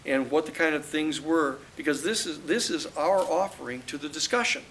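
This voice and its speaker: An older man gives an animated book talk, telling a story and acting out the voices he quotes. His voice is gravelly and sits fairly high. A faint hiss runs under the recording. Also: rough recording. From United States. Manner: animated, acts out quoted dialogue. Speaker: lawyer and author presenting his book. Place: live audience talk at a campus venue.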